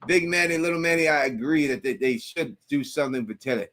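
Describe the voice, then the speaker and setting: A man co-hosting a live show, chatting casually, sometimes mimicking a gruff uncle. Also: fairly high pitch, fast, a bit bright. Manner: laid-back, breaks into a gruff impression of his uncle. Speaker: co-host.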